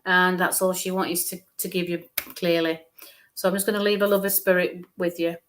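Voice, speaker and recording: A woman's voice: fairly low pitch, little pitch movement, moderate pace, fairly bright tone, slight background noise. A woman medium giving a live-streamed psychic reading, musing aloud, hesitant, repeating sounds and letters.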